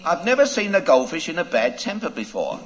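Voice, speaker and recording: A man's voice: on the high side, wildly swooping pitch, brisk, highs cut off, voice pushed up. A man voicing a fussy housewife puzzled about her goldfish. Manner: puzzled, fussing.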